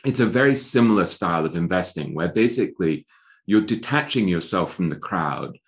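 In an interview conversation, a middle-aged male author speaks thoughtfully, often restarting his sentences. His low voice is expressive and moves at a moderate pace.

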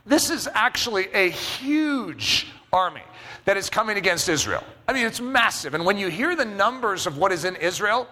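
A man's voice: high-pitched, very animated, moderate pace, pushed and bright, big-room sound. A man preaching a sermon, telling a personal story with self-mocking humor and checking in with the congregation. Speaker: pastor.

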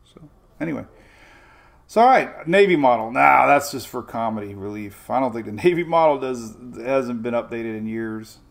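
A man's voice: medium pitch, animated, normal speed, vocal fry. An older man hosting a casual weather show, chatty and rambling with homey asides.

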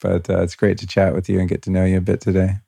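A middle-aged American man hosting a podcast, chatting in a relaxed, laid-back way. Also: low voice, fast talker, gravelly, slightly rough, dry recording. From United States. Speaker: podcast host. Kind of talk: casual interview chat.

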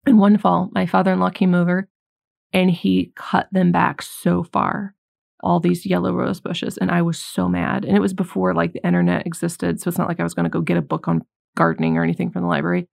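Earnest woman with a gravelly fry. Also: on the low side, brisk, no echo, studio quality. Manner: earnest, conversational, animated when quoting herself. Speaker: Christian speaker. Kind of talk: faith talk with personal story.

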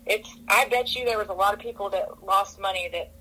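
A woman guest on a podcast, talkative and energetic, often restarting her sentences, who grew up in California. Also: medium pitch, brisk, a little hiss or hum, low-quality recording. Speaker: podcast guest, rodeo commissioner. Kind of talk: casual interview talk.

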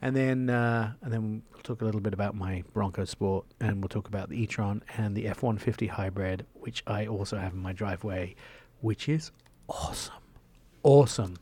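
A man's voice: fairly low pitch, steady tone, fairly quick, few pauses, darkish tone, husky. A man hosting a radio show, chatting casually and enthusiastically, with jokey asides.

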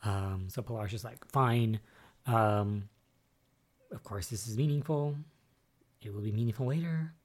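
Rambling, mellow-voiced soap recap host. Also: medium pitch, normal speed, long pauses. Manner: rambling, musing aloud, many fillers; excitable and spoiler-wary. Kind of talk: casual solo recap chat.

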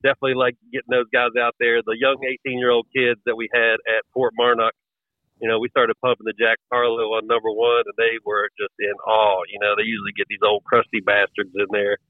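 A man's voice: medium pitch, completely flat delivery, fairly quick, dry recording. Folksy West Virginia guy on a tinny line. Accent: Appalachian American. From West Virginia, USA. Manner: folksy, rambling storyteller. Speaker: podcast guest. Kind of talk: casual chat.

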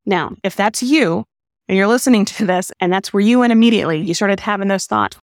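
A woman therapist hosting a podcast, calmly explaining advice in an earnest way. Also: mid-range voice, fairly quick, dry recording, clean studio sound. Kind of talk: advice talk.

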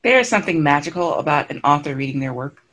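A woman's voice: sits low, lively intonation, a bit bright. A woman hosting a podcast, chatting in an enthusiastic, casual way. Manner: enthusiastic, chatty, quick to laugh. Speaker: podcast host.

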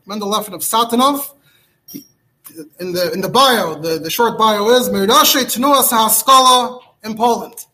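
Rabbi, teaching halacha class, high bright voice, rambles fillers. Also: male voice, a little hiss or hum. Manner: chatty, digressive, many fillers and restarts. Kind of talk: informal Torah lecture.

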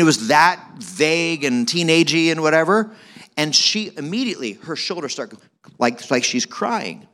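A man preaching at a church event, telling a personal story in a chatty, animated way with many fillers and asides. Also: mid-range voice. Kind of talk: sermon storytelling.

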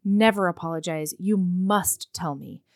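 A woman's voice: lowish voice, measured pace, a little mellow, no room sound, clean studio sound, voice pushed down. A woman playing an earnest, flustered young man who is a romantic lead, in a casual retelling.

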